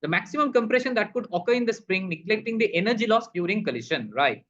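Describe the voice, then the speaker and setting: Fast and animated, a man with a high-pitched, fairly bright voice teaches physics, raising questions about a problem and answering them himself. He refers to the students as "people", and the recording sounds dull and lo-fi.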